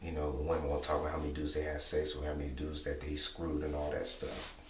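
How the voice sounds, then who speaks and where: A young man talking casually to camera, repeating himself and filling pauses with "you know". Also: rumbling low, monotone. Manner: repetitive, rambling, many "you know" fillers. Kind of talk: casual monologue vlog. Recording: echoey room, distant mic, faint hum.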